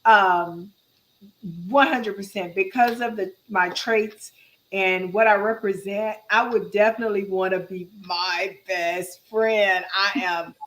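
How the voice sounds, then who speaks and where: A woman's voice: mid-range voice, fairly bright tone, poor audio. A woman co-hosting a casual talk show, speaking emphatically and self-assuredly, laughing often. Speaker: co-host. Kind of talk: casual chat.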